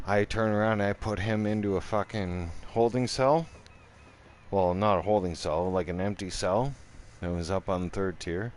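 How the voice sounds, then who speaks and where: Low-pitched man, swearing storyteller who acts out the scenes, faint hiss behind. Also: moderate pace. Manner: profane, animated, acts out every voice himself. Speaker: channel host telling a personal story. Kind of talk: casual storytelling.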